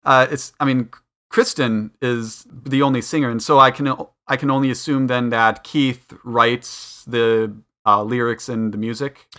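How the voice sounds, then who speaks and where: A man's voice: mid-range voice, steady tone, a little slow, fairly bright tone. A man co-hosting a podcast in casual chat, talking things through aloud with fillers. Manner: chatty, thinking aloud with fillers. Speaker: podcast co-host.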